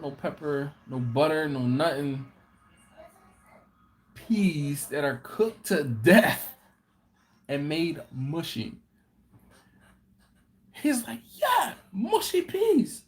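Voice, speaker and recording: A man with a fairly high, lively voice hosts a live-stream Q&A for his barbecue channel. He tells stories at an easy, unhurried pace, laughing as he acts out what people said.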